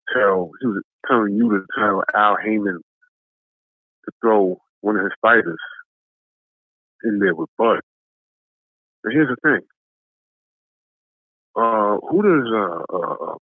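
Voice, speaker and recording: A tired man calls in and rants, repeating himself and swearing hard. His voice sits fairly low and comes through a thin, phone-like line. The sound is dry, with no room around it. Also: takes it slowly, long pauses, dry recording. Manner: aggressive, repetitive, swearing. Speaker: caller. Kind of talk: profane trash-talk rant.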